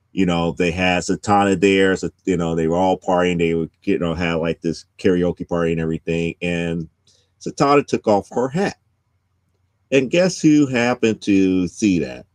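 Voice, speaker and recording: A man's voice: low-pitched, dry recording. A man hosting a casual comics podcast, giving a rambling plot recap with many restarts. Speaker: podcast host.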